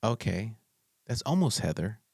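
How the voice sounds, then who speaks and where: A man hosting a podcast, chatty and excitable, with slang and restarts. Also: on the low side, normal speed, creaky, husky, no echo, clean studio sound. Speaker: podcast host. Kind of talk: casual interview conversation.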